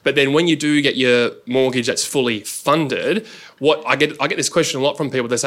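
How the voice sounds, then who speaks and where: A man's voice: medium pitch, brisk, a bit bright. A man with an Australian accent, a mortgage broker, explaining loans plainly and in a friendly way at a live Q&A.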